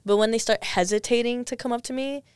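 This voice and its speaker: A woman's voice: fairly high pitch, steady tone, quick pace, clear, resonant tone, no echo, clean studio sound. A young woman, a podcast guest, telling stories in a rambling casual chat, full of restarts. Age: young adult.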